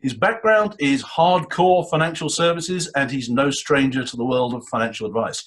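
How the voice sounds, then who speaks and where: A man's voice: medium pitch, moderate pace. A man, hosting an interview with a polished, welcoming delivery. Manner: warm, polished presenter delivery. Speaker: host.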